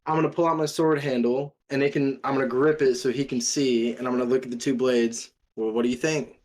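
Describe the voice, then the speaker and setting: A man's voice: mid-range voice, steady tone, brisk, darkish tone, low-quality recording. A man playing a tabletop game, talking hesitantly with frequent restarts. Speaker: player.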